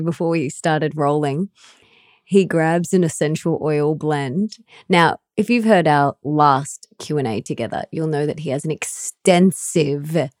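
A woman's voice: low voice, a little mellow, no room sound, studio quality. A woman hosting a podcast with her husband, teasing him playfully and laughing as she chats. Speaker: podcast host. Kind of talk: casual podcast chat.

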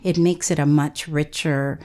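Woman, radio guest, slightly low pitch, chatty storyteller, laughs often, studio. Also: steady tone, unhurried, dark tone. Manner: chatty, laughs through her stories.

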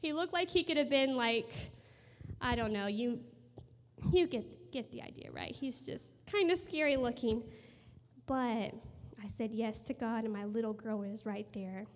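A woman in her thirties giving an earnest sermon testimony and prayer to a room, telling stories and dropping to a hushed voice for emphasis. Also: fairly high pitch, a little slow. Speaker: speaker sharing a testimony. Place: room with a gathered audience. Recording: long hall reverb.

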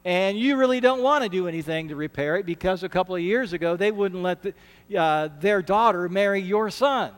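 A man's voice: high voice, fairly quick, smooth, in a large hall. A man preaching a sermon as pastor, earnest and conversational, often restarting his words. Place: church sanctuary.

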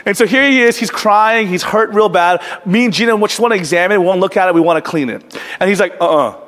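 A man preaching a sermon as a pastor, telling a story in a conversational, earnest way that sometimes sinks to a hush. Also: high voice, fast talker. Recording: long hall reverb.

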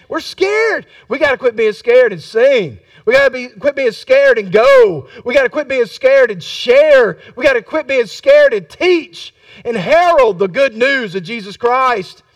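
A man preaching a sermon as a Baptist pastor, repeating his lines and building to fervent shouts. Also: very high-pitched, expressive, moderate pace, dry recording, recorded from a distance.

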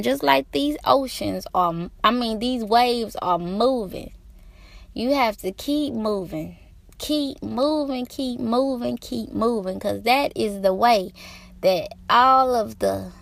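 A woman's voice: fairly high pitch, unhurried, vocal fry. A middle-aged woman vlogging outdoors by the ocean, giving herself an emphatic, repetitive, preachy pep talk. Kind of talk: motivational self-talk.

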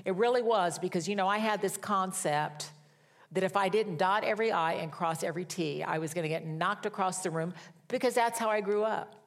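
A middle-aged woman preaching a sermon, reading scripture slowly with emphasis and telling personal stories in a conversational way. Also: mid-range voice.

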